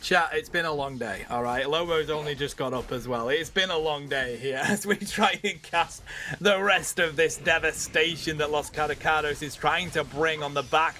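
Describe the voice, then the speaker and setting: A man's voice: on the high side, moderate pace, bright, forceful tone, slight background noise. A man commentating an esports match in a casual, chatty way, calling his co-caster "mate" and "bro". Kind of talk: colour commentary.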